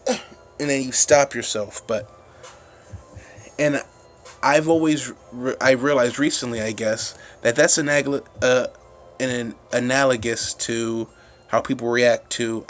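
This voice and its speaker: Talking to his phone camera, a man vents in a loose, medium-pitched voice, cursing, frequently starting over, and now and then working himself up. He's a vlogger.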